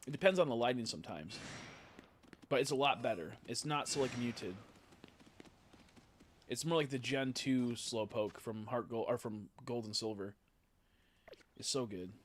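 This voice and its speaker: A male game streamer with a mid-range voice, talking off the cuff as he plays. He rambles, swears freely and jumps into quick excited reactions. A faint hiss of noise sits under his voice. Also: medium pitch. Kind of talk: casual live-stream commentary while playing.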